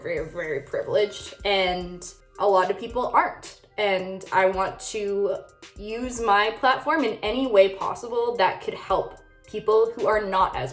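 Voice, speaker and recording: A woman's voice: mid-range voice, roomy sound. A young woman vlogging casually while doing her makeup, bubbly and chatty with lots of "like" fillers. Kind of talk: casual get-ready-with-me chat.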